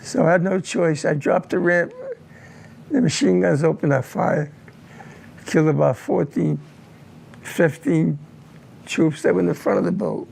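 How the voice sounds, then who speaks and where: Older male veteran interviewee; raspy, fry-heavy voice sitting high; slow, halting, repeats words as he recounts the past. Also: animated, darkish tone, slight background noise. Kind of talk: recounting a personal war memory in an interview.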